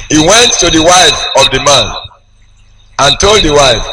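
A man preaching a sermon, slow and emphatic, with big swings in pitch as he tells a story. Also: animated. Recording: noisy background with clicks.

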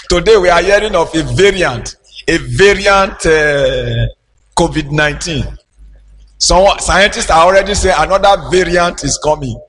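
High-pitched, slow-preaching Nigerian pastor. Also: male voice, low-quality recording. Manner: emphatic call-and-response preaching, bursts of shouting. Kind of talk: sermon.

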